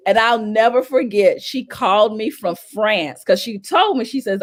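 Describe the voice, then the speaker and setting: A woman from North Carolina, a celebrity publicist telling stories as an interview guest, animated and acting out what people said in a raised voice. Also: on the high side, unhurried, hardly any pauses. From North Carolina, USA. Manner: animated, acts out quotes in a raised voice. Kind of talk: storytelling in an interview.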